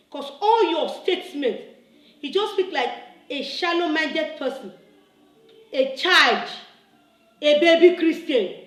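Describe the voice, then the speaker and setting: A woman with a high, fairly bright voice records an impassioned, scolding video reply from her room as a church member, repeating her points and building to emphatic bursts. The recording is low quality and sounds roomy.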